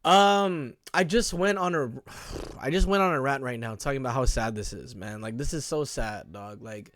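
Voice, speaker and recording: A man's voice: mid-range voice, normal speed, fairly bright tone, a little hiss or hum. Slangy emotional young man reacting. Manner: slangy, says bro and dog a lot, emotional. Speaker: reaction video host. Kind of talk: casual reaction commentary.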